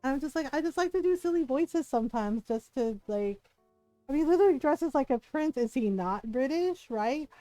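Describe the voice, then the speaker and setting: Woman streamer: casual, animated and quick to laugh, with a slightly high voice. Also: no echo, soft background music, low-quality recording. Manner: animated, laughs often, swears freely. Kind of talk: casual gaming stream chat.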